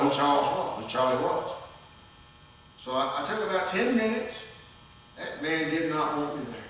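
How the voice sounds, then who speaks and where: Older man, folksy pastor mid-sermon; bright tone, distant mic in a reverberant church hall. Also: a little high, slight background noise. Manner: folksy storytelling with frequent restarts.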